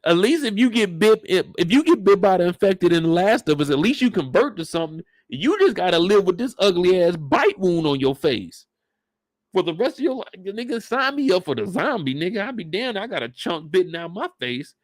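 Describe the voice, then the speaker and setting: A man's voice: sits high, big pitch swings, a little fast, no room sound, clean studio sound. A man giving a casual, joking, profane breakdown of a TV episode. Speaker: show recap host.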